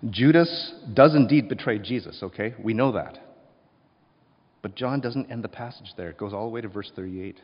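Man preaching a dynamic sermon in a hall. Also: lowish voice. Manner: dynamic preaching, shifting from hushed to loud, acting out voices. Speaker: pastor. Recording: dull sound with long hall reverb.

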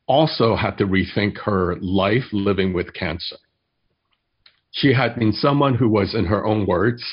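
A man preaching a sermon as pastor, telling stories in a measured way and reading poetry slowly. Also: fairly low pitch, husky, highs cut off.

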